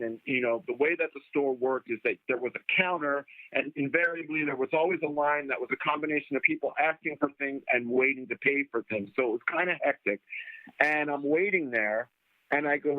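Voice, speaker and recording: A man with a fairly high voice recounts a story as a guest and playfully acts out the people in it. His voice comes through a narrow, tinny remote line, like a phone call. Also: a little fast. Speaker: guest musician. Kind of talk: casual storytelling interview.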